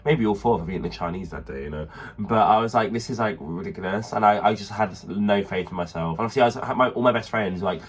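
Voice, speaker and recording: A man's voice: fairly low pitch, quick pace, slightly rough. A young man co-hosting a podcast in camp, chatty banter. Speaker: podcast co-host. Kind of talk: casual chat.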